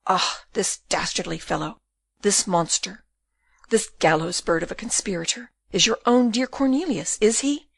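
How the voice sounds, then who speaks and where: A woman's voice: medium pitch, very slow, gravelly, few pauses, bright, forceful tone, slightly rough, heavily acted. A woman voicing a spiteful old male jailer in an audiobook, speaking with sneering, bitter irony. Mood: enraged.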